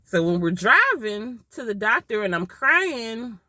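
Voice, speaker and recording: A woman's voice: fairly high pitch, big pitch swings, slow pace, pushed and bright, no room sound. A mother telling a personal story in an emotional, heartfelt way, repeating herself for emphasis. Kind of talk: casual storytime.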